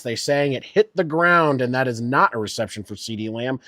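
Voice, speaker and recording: A man's voice: medium pitch, steady tone, normal speed, hardly any pauses, fairly bright tone, dry recording, studio quality. A man giving casual live play-by-play of a football game from home, cursing freely and getting heated over bad calls. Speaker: streamer doing live play-by-play. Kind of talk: live sports play-by-play and reactions.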